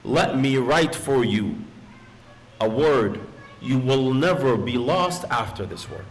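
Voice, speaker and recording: A man's voice: mid-range voice, lively intonation, unhurried, a little hiss or hum, poor audio. A man preaching as a sheikh in a mosque, telling a solemn story and slipping into quoted Arabic phrases. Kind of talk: sermon.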